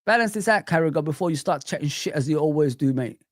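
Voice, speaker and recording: A man hosting a live football stream, ranting in an animated way, reading out viewer comments and calling them bro and man. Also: a little high, fast talker, dry recording, studio quality. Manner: self-described showman. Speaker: football channel host.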